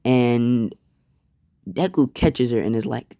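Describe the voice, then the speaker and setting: Young man, casual profane storyteller; slow delivery, dry close mic. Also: medium pitch, warm tone, no room sound. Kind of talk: casual fan-fiction storytime.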